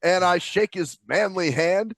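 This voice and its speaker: A man's voice: high voice, a little slow, gravelly, no echo. A man co-hosting a casual podcast over a video call from home, telling stories with plenty of swearing. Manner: profane animated storyteller. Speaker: podcast co-host. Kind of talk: casual chat.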